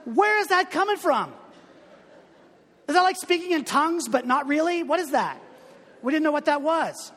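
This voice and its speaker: A man's voice: extremely high pitch, expressive, normal speed, pauses often, a bit bright, long reverb tail. A male pastor giving a conversational, humorous sermon full of asides.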